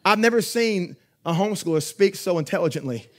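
A young pastor with a fairly high voice delivers an animated sermon. He preaches conversationally, swinging from loud, emphatic peaks down to hushed asides, and chuckles as he tells stories. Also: brisk, hardly any pauses. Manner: laughs while telling stories.

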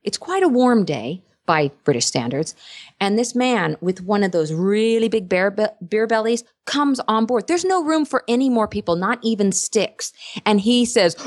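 A woman actress in casual interview chat, an animated storyteller who laughs often. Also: mid-range voice, normal speed, no echo, studio quality. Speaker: actress and voice performer.

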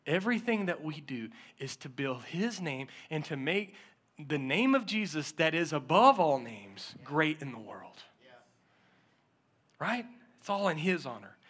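A male pastor preaching a sermon, telling stories with lively acted-out quotes and frequent laughter. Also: fairly high pitch, unhurried, breathy edge. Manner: animated storytelling, acts out quotes, often laughs.

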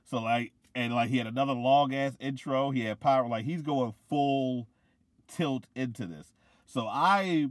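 A young man in casual chat who rambles with lots of "like" and gets excitable. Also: medium pitch, no room sound, clean studio sound. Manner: rambling, filler-heavy, excitable.

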